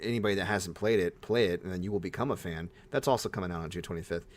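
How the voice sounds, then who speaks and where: Young male podcast co-host, low voice, excitable and gushing. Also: rapid-fire. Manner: excitable, gushing, breaks into high-pitched bursts. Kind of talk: casual chat.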